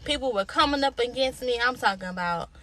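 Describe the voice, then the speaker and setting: Emphatic, high-voiced woman giving an inspirational talk. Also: animated, fairly quick, pushed and bright. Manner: emphatic, repetitive, preacher-like exhortation; informal, colloquial. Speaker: motivational speaker. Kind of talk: inspirational direct-to-camera talk.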